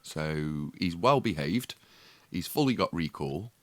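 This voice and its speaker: Animated man telling a story. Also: low-pitched, slow, dry recording. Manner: animated storyteller, acts out quoted voices, swears freely. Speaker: podcast co-host. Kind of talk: casual storytelling chat.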